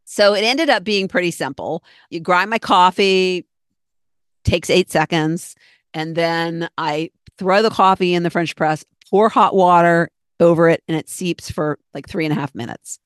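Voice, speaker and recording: Middle-aged female podcaster, low-pitched, chatty and rambling, earnest solo talk, dry close sound. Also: unhurried, clean tone, no echo. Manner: chatty, rambling, earnest, acts out her own thoughts. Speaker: podcast host.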